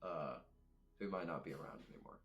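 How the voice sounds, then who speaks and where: Low-voiced young man telling stories. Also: fairly quick, fairly bright tone. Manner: rambling, reflective, laughs often. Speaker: guest. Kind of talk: casual storytelling chat.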